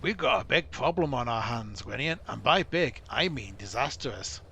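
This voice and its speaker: A man voicing a troubled male dwarf commander in a rough put-on accent, urgent and blunt. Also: medium pitch, lively intonation, normal speed, pushed and bright, a little hiss or hum.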